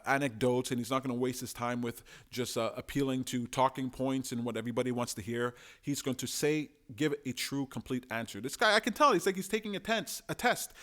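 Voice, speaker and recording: A young man giving casual, emphatic political commentary in a solo monologue, now and then acting out the people he talks about. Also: mid-range voice. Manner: animated, emphatic, acts out quoted voices.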